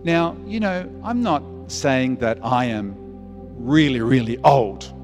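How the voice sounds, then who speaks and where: A man's voice: mid-range voice, lively intonation, slow pace, long reverb tail, over music. A man in his fifties, a pastor preaching a sermon, earnest and repeating phrases for emphasis. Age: 50s.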